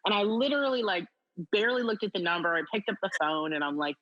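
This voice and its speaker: A middle-aged woman, a guest on an interview, telling a personal story in an animated way with many fillers. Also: medium pitch, fast talker. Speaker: guest, district attorney. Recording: slightly dull audio.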